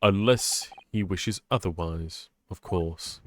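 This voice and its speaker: A man reading the lines of a stern, formal older male lord in a game, measured and authoritative. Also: low voice, a bit bright, faint music behind, voice pushed down.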